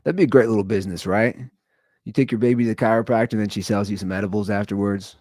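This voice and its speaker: A man in his thirties hosting a casual solo podcast from home, talking in a rambling way that swings from loud bursts to low asides. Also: quick pace, no echo, studio quality. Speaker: podcast host.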